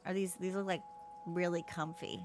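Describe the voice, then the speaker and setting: A woman's voice: lowish voice, steady tone, normal speed, darkish tone, a little hiss or hum. A woman streaming a video game at home, chatting casually with her viewers and reacting aloud with frequent laughs.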